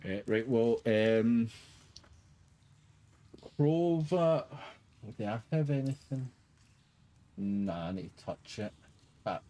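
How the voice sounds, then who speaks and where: A man's voice: medium pitch, animated, slow pace, pauses often, mellow. A man playing a tabletop game, speaking hesitantly and politely in character. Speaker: player. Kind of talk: tabletop role-play.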